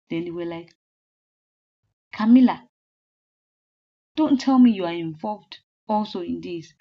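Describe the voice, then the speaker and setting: A woman casually retelling a movie plot step by step, with lots of "then she was like". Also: on the high side. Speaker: movie recap storyteller. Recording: slightly muffled lo-fi audio.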